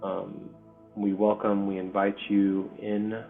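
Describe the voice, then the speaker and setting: A man hosting a spiritual community video call, speaking softly and hesitantly with many pauses and ums. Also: fairly low pitch, monotone, creaky. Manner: soft-spoken, hesitant, full of pauses and ums. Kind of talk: heartfelt spiritual community talk. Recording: tinny call audio with faint music.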